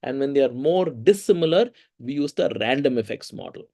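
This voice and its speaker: A man with an Indian English accent teaching a research methods course in a lively, conversational way, often asking the audience questions. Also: mid-range voice, a little fast, creaky. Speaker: lecturer.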